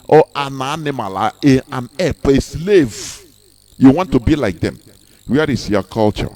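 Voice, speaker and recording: A man's voice: mid-range voice, a little mellow. A man giving an impassioned speech, emphatic, repeating words and asking rhetorical questions. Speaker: speaker on a live broadcast.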